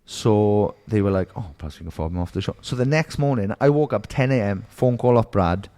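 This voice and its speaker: Low-voiced Welsh man telling stories. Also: expressive, fairly quick, warm tone. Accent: Welsh, Merthyr Tydfil. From Wales. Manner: storytelling, swears freely, acts out quoted voices. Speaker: podcast guest. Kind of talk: casual podcast chat.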